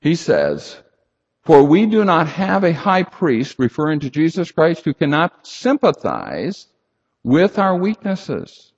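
Husky-voiced male preacher, lively delivery. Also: slow. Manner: animated preaching, rising emphatic then dropping low. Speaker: pastor. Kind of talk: sermon. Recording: lo-fi recording in a reverberant hall.

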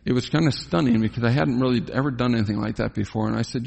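An older man giving a reflective personal faith testimony, telling his story slowly with frequent pauses and fillers. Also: medium pitch, gravelly, a little mellow. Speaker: testimony speaker.

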